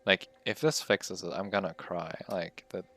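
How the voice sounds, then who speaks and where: A man's voice: low voice, moderate pace, a bit bright. A man streaming live while coding, muttering, swearing and laughing at his own frustration. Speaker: livestreaming game developer.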